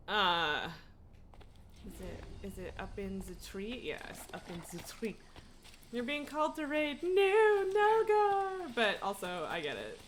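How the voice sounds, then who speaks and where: A woman's voice: mid-range voice, sharp tone, a little hiss or hum. A young woman streaming a game live, chatting casually, swearing and laughing often. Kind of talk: casual live gaming commentary.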